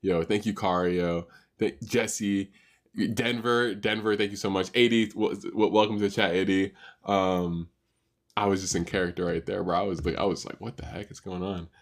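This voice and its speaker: A man's voice: low-pitched, steady tone, normal speed. Slangy, laughing livestream host man. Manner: loose and joking, slangy, laughs often. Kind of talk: casual live stream chat.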